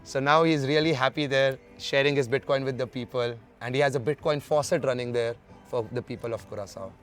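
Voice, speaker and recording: A man from India, an interview guest telling travel stories in a lively way and acting out the dialogue. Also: mid-range voice, fairly quick, soft background music. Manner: lively storyteller who acts out the dialogue. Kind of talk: storytelling in an interview.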